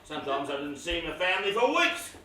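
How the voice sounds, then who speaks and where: A man's voice: a little high, very animated, a little fast, pushed and bright, a little hiss or hum. A man with an Australian accent on stage playing a harried, blustering cricket captain. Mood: exasperated. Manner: exasperated, blokey and brash. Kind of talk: stage comedy acting. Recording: echoey theatre stage from far off.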